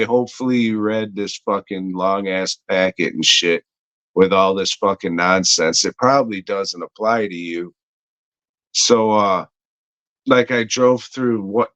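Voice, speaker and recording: A podcast co-host with a fairly low, somewhat bright voice tells a story in casual storytelling chat, rambling, heavily profane and full of fillers. The recording is dry and the audio dull.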